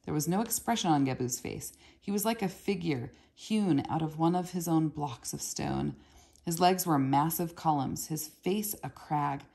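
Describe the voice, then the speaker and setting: Low, husky woman reading a novel aloud. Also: mellow. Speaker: reader.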